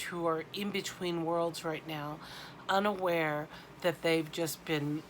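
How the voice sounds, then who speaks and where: Woman card reader, slow and heartfelt, low-pitched, spiritual delivery. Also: fairly bright tone, a little hiss or hum. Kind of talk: intuitive card reading to camera.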